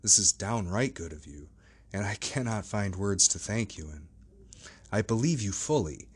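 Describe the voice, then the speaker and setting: A man reading the part of a troubled gentleman doctor who pleads earnestly and evades questions. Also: lowish voice, expressive, moderate pace, husky. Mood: evasive.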